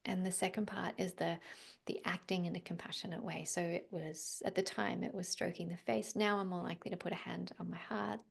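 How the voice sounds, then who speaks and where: A middle-aged Australian woman talks as a podcast guest in a gentle, reflective way. Her voice carries a heavy gravelly fry and a husky edge, and she often sinks to a near-whisper. She sounds like an experienced psychologist sharing practical advice. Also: fairly low pitch, little pitch movement, a little fast. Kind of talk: conversational podcast interview.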